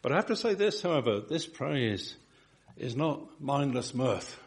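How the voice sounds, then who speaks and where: A man preaching a sermon, slow and emphatic, asking his listeners rhetorical questions. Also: mid-range voice, big pitch swings.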